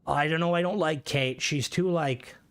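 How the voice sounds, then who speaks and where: A man's voice: a little high, fairly bright tone. Rambling man streaming games. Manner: rambling, swearing, many halting restarts. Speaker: game streamer. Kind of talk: casual gaming stream commentary.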